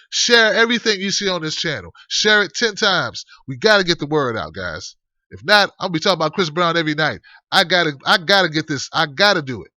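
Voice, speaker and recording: A man hosting his online talk show in a casual, rambling way, with animated shout-outs to his viewers. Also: high voice, no echo. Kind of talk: casual livestream chat. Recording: dull lo-fi stream audio.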